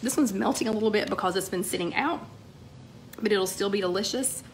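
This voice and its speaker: A woman, a little hoarse, hosting a casual live-stream chat and greeting viewers by name. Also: medium pitch, fairly quick, slight background noise. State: slightly hoarse. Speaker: livestream host. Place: home, TV playing in the background.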